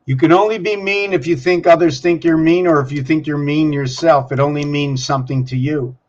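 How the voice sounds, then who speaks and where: A man's voice: on the high side, fairly even intonation, a little fast, dull audio. A man hosting his own vlog, musing aloud in a wandering, free-associating way and talking to himself and the camera. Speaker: channel host. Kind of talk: rambling solo vlog musings.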